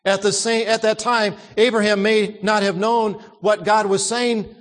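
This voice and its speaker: A man's voice: high-pitched, level tone, a little slow, fairly bright tone, long reverb tail. A man preaching a sermon, emphatic, repeating words and asking the congregation questions.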